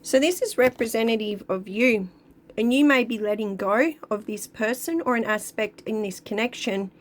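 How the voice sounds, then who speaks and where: A woman giving a casual, chatty tarot card reading to her viewers, talking at an easy, drawn-out pace. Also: fairly high pitch, slight background noise. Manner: chatty, drawn-out, sings song lyrics along. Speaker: tarot reader.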